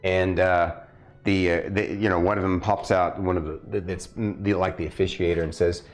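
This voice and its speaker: A man narrating as game master for a tabletop game, halting with many restarts. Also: deep voice, fairly even intonation. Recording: faint background music.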